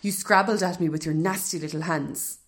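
A woman voicing a ten-year-old boy who whispers hoarsely, stammers and threatens nervously. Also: fairly low pitch, moderate pace, close to an everyday voice. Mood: nervous threats.

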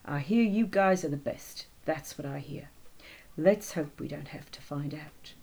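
A woman voicing a menacing male bodyguard with a New Zealand accent and a slow, taunting drawl. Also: low voice, a little mellow, slightly rough, full character voice.

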